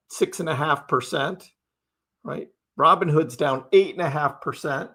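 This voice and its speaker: Male livestream host, slightly high pitch, casual and repetitive, keeps asking "right?", argues with chat. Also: a bit bright. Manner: chatty, repeats phrases, peppers with "right?"; talks back to chat commenters.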